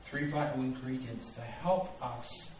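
A man preaching a sermon, acting out dialogue and swinging from quiet reflection to loud, animated storytelling. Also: medium pitch, a little slow. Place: church hall. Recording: echoey hall, distant mic, noisy.

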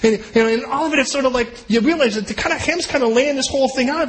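A man's voice: very high-pitched, fast, hardly any pauses, a little hiss or hum, rough recording. A man preaching a sermon in a loose, conversational way, full of joking asides and sentences he breaks off and restarts. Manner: restarts and trails off mid-sentence. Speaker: pastor.

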